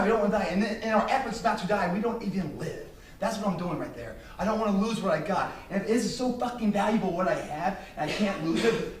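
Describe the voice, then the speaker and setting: A man giving an emphatic, intense motivational speech to business students, swearing freely. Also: high voice. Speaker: motivational speaker. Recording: echoey hall, distant mic, faint ambience.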